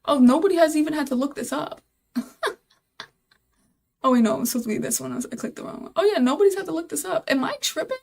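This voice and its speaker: A woman's voice: high voice, fast, creaky, long pauses. A young woman live-streaming while she codes, thinking aloud, repeating herself, and talking to her chat in casual, easily exasperated chatter.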